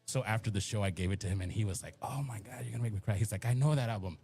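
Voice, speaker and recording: A man's voice: fairly low pitch, rapid-fire, darkish tone, husky. A middle-aged man from the Rio Grande Valley, telling rambling stories in casual chat and acting out the quotes. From Rio Grande Valley, Texas. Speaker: musician and radio guest.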